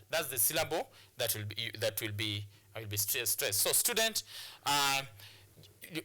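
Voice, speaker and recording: Male TV teacher, bright and slightly high voice, stop-start and repetitive delivery. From Kenya. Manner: repeats phrases, stop-start explaining. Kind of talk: classroom lesson on TV.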